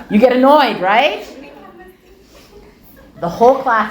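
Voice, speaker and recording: A middle-aged woman giving a storytelling lecture, animated and acting out the dialogue of her anecdotes. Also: high-pitched, extremely slow, pauses often, a crowd in the background. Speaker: speaker giving a talk on dawah. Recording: echoey room.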